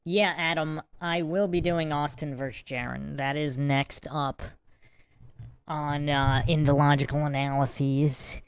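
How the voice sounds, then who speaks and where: A woman's voice: low voice, fairly even intonation, a little slow, clean tone, no echo. A woman hosting a live Q&A stream, commenting in a casual, amused and mocking way. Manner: amused, mocking, laughing asides. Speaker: livestream host.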